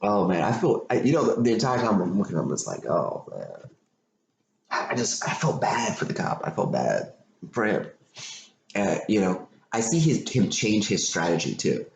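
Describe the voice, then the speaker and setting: A man's voice: on the low side, moderate pace, vocal fry. A man hosting a podcast, animatedly retelling a story in casual chat, swearing and repeating himself. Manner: animated, profane, repetitive retelling. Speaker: podcast host. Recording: echoey room with faint noise.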